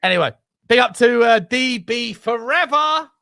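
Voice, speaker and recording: A man co-hosting a casual football podcast, chatty and laughing often as he reads out viewer shout-outs. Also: very high voice, lively intonation, moderate pace, gravelly, dry recording, clean studio sound. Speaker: co-host.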